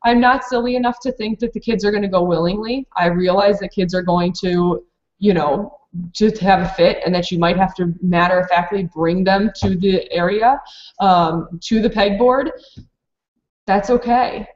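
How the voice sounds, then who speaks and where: A woman's voice: mid-range voice, unhurried, a little mellow. Woman presenter, dull lo-fi audio. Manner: practical, matter-of-fact, with many fillers. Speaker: preschool program director presenting to teachers. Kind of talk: webinar talk for teachers.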